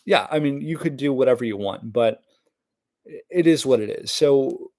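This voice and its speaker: Gravelly rambling man. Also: mid-range voice, normal speed, darkish tone, no echo. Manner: rambling, full of fillers and cursing. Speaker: vlogger reading the news. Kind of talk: rambling casual monologue.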